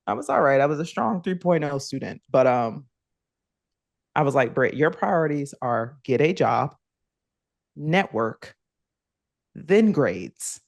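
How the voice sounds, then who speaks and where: Podcast guest, woman, 30s, expressive storyteller who does voices for the people she quotes; dry, close sound. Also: a little slow, gravelly, long pauses, no echo. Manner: animated, acts out quoted kids in higher voices, laughs often. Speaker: podcast guest, former athlete. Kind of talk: conversational storytelling interview.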